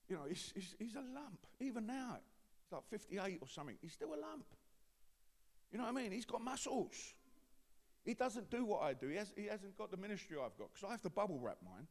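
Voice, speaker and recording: A high-voiced man with an East London accent preaches his testimony from a pulpit, his words ringing in a long hall reverb. He drops to a low confiding murmur, then climbs into full-throated shouts. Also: big pitch swings, normal speed, long pauses. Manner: swings from quiet confiding to loud shouting. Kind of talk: testimony sermon.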